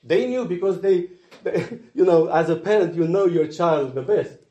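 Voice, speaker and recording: An earnest man delivers a sermon, his voice sitting a little high. He swings between loud, emphatic lines and soft, hushed asides. The sound carries the echo of a roomy space. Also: moderate pace, muffled recording. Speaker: preacher. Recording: echoey room.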